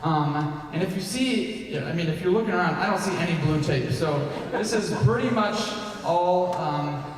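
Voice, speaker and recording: A man's voice: sits high, animated, normal speed, distant mic, slight background noise. A young man, the singer and bandleader, chatting and joking with a live audience between songs in a rambling, self-deprecating way. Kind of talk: on-stage banter between songs. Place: concert hall at a country club, live audience. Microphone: stage microphone. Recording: live concert recording, echoey hall, band playing.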